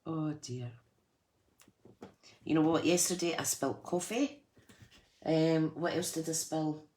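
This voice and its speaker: A woman's voice: sits low, fairly even intonation, takes it slowly, dark tone. A woman hosting a live crafting tutorial, chatty and self-deprecating, laughing often as she works. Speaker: craft channel host.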